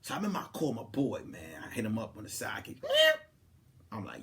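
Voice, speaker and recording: A man hosting a comedy podcast, telling a story in a casual, animated way and swinging from hushed asides to loud, laughing outbursts. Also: fairly low pitch, quick pace. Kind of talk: comic storytelling.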